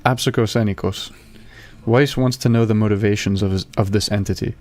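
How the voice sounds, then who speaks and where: A man playing a tabletop game, reading his character's notes aloud in a halting way. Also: lowish voice. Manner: excited, swearing, reading haltingly. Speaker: player.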